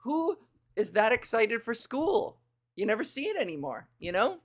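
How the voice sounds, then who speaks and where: A woman's voice: fairly high pitch, sing-song, moderate pace. Rambling, crude woman streamer. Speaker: comedy streamer host. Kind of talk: casual livestream chat with viewers.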